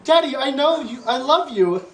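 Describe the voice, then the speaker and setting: A man's voice: very high voice, lively intonation, normal speed, a bit bright, pitched above the performer's own voice. A man voicing a whiny little boy in a sailor suit who pleads with his father. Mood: pleading.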